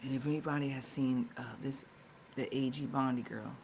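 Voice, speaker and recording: A woman's voice: extremely low pitch, fairly even intonation, fairly quick, a little mellow, slight background noise. A woman co-hosting a live talk show, chatting casually with lots of fillers and restarts. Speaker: co-host.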